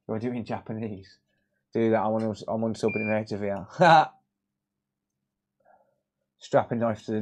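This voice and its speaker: A man's voice: on the low side, darkish tone. A British man hosting a live repair stream, rambling in casual chat, swearing and laughing a lot.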